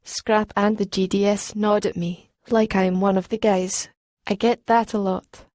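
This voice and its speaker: A woman's voice: mid-range voice, little pitch movement, measured pace, darkish tone, no echo. A woman narrating a novel in first person as a streetwise teenage girl, slangy and rhythmic, on a close studio mic. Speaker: audiobook narrator.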